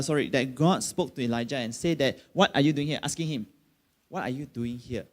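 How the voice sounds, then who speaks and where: A middle-aged man with a Malaysian English accent, preaching a sermon in a conversational way, with many fillers and sudden emphatic bursts. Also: medium pitch. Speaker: pastor.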